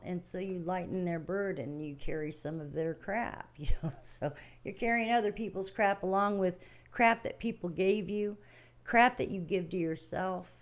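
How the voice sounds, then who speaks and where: A middle-aged woman hosting a livestream, giving a casual, folksy spiritual talk that rambles and repeats itself, with frequent laughs. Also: on the low side. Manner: rambling, repetitive, laughs often; plain-spoken, folksy. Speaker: livestream host.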